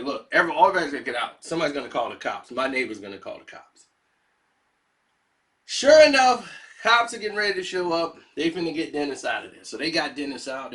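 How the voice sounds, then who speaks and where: A man casually telling a wild story, animated and laughing as he acts out the people involved. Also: a little high. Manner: animated, laughing often, playing the characters. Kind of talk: casual anecdote.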